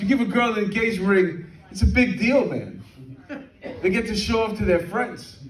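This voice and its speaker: A man in his fifties doing a brash, streetwise stand-up comedy set, peppering his lines with "man". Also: high-pitched. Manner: brash, streetwise, lots of "man" and shouted impressions. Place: comedy venue with live audience. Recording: echoey room, mic heard from far, crowd laughter.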